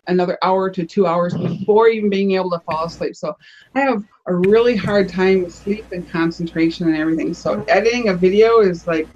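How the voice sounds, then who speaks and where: A woman's voice: fairly low pitch, lo-fi sound, slight background noise. A woman on a live panel show casually showing her crafts, chatty, often restarting her phrases as she explains.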